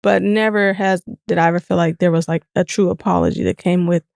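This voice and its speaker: A woman's voice: lowish voice, a little fast, gravelly, dry recording, studio quality. A woman co-hosting a podcast, talking candidly and reflectively in casual chat. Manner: candid, reflective, animated when retelling. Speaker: podcast co-host.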